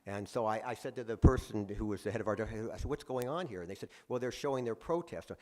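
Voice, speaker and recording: A man's voice: lowish voice, fast talker, warm tone. A man speaking as a guest author, giving a conversational talk with frequent fillers and restarts. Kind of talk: lecture-style talk. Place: presentation room at a museum.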